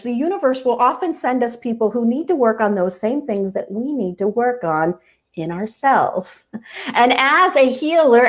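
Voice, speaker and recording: Earnest higher-voiced woman coach. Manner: earnest, repeats key phrases for emphasis. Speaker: spiritual coach. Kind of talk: casual livestream talk.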